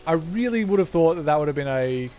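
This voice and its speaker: A man's voice: a little high, lively intonation, quick pace, a little mellow, faint music behind. A young Australian man chatting casually with viewers while streaming a game, rambling and correcting himself as he goes. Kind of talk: casual gaming chat.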